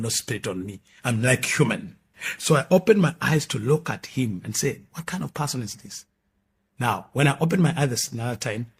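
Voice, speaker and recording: Husky Ugandan man preaching his testimony. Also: medium pitch. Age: around 50. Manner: earnest and dramatic, swinging from loud declarations to hushed, soft storytelling. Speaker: apostle giving his testimony.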